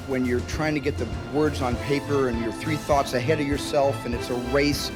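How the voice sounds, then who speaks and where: A man's voice: medium pitch, steady tone, moderate pace. A man, a filmmaker, giving an earnest, reflective prepared speech. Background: music.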